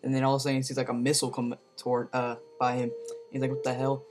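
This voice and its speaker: A man's voice: mid-range voice, monotone, very fast. A man giving a casual video movie review, rambling with lots of fillers and slang.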